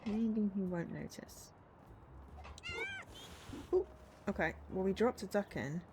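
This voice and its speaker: A woman's voice: mid-range voice, slow, warm tone, slight background noise. A young woman streamer chatting casually to herself while she plays a video game. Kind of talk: casual gameplay commentary.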